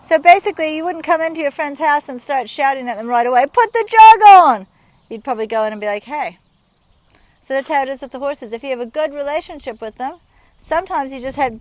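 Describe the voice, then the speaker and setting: A woman, a riding instructor talking outdoors from horseback, explaining things in a friendly, chatty way with everyday examples. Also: high voice. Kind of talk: instructional talk while riding. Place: outdoors at a rural horse yard.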